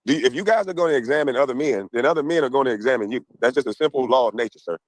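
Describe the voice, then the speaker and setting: A man on an online panel calmly and persistently lecturing the hosts in a heated debate. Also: mid-range voice, racing, no echo, low-quality recording. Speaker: panel guest.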